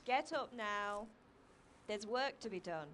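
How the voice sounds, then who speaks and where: A woman's voice: mid-range voice, lively intonation, slow pace, fairly bright tone, slight background noise. An actress playing a middle-aged village mother who chides her son. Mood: chiding. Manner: chiding, motherly.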